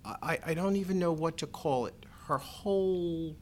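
A middle-aged man in an interview, telling a personal story in a measured, wry way, raising his pitch to act out other people's lines. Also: a little mellow, slight background noise.

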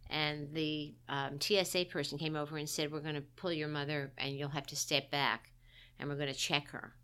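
Low, bright-toned woman telling a story. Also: level tone, moderate pace, clean tone. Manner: candid, wry, self-deprecating. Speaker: guest. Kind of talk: personal storytelling in conversation.

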